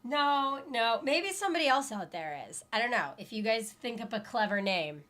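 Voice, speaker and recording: A woman in her thirties co-hosting a weekly live stream, chatting playfully and tossing out quick jokes. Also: on the high side, expressive, a bit bright. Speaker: co-host of a weekly live show. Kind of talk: casual live-stream chat.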